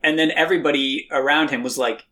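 A man's voice: a little high, fairly even intonation, fast, bright, forceful tone. A man from Iowa co-hosting a political podcast, casual and mocking, often acting out sarcastic quotes. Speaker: podcast co-host.

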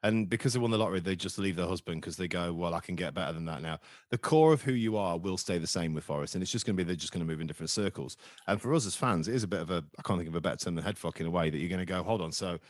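Male podcast host, quick and animated, dry close sound. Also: deep voice, no room sound. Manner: animated, swearing, jokey. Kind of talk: casual chat.

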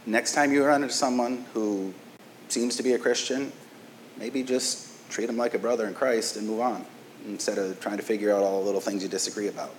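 Low-voiced casual preacher, keeps asking "right?". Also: male voice, steady tone, fairly quick, slight background noise, low-quality recording. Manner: casual, asks "right?" often, stammering restarts. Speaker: pastor. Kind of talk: conversational sermon.

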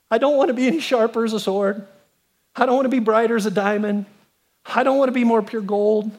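A man in his fifties preaching a sermon, retelling a story with emphatic rises and hushed drops. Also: fairly quick. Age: 50s. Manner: animated storytelling, rising to emphatic peaks and dropping low. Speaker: pastor.

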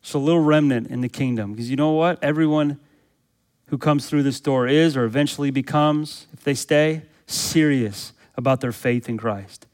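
A man's voice: medium pitch, moderate pace, darkish tone. A man, a pastor, preaching a sermon with emphatic rhetorical questions and repeated phrases for emphasis.

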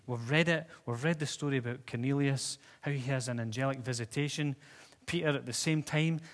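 A man preaching a sermon in a church, talking conversationally and putting questions to the congregation. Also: medium pitch. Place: church hall with seats. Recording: long reverb of a church hall.

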